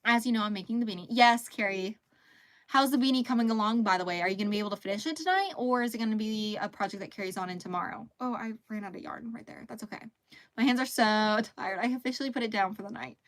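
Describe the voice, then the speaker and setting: A woman in her thirties with a fairly high-pitched voice hosts an easygoing live crochet stream. She chats casually, laughs often and reads the chat's messages out loud.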